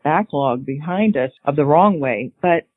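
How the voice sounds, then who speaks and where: A middle-aged woman chats as a guest in a bubbly, enthusiastic way, quick to laugh. Her voice comes through a thin, phone-like line. The sound is dry, with no room around it. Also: sits low, expressive, no room sound. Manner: chatty and enthusiastic, laughs often. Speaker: podcast guest. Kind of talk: casual chat.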